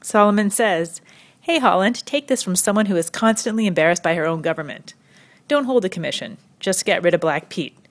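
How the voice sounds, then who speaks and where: A young woman from Quebec hosting a scripted satirical comedy monologue, sarcastic and prone to sudden high mock-incredulous leaps. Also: expressive, fairly quick. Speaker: satirical commentary host.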